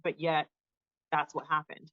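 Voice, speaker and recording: A woman in her thirties, a guest on an interview show, telling her story in a casual, animated way and acting out the people she quotes. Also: deep voice, a little slow, no room sound, muffled recording. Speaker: podcast guest, Air Force veteran.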